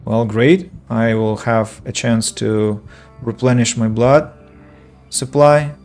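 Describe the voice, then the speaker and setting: A man with a medium-pitched, fairly even, darkish voice speaks slowly over soft background music. He's a game streamer who also teaches English, rambling through casual let's-play commentary, correcting himself, leaning on fillers, and answering viewer comments out loud.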